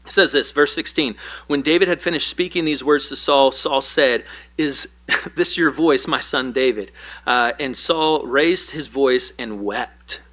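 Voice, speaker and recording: Man, pastor, bright clear voice, casual conversational Bible teaching, lively paraphrased dialogue. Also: medium pitch, measured pace. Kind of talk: Bible study sermon.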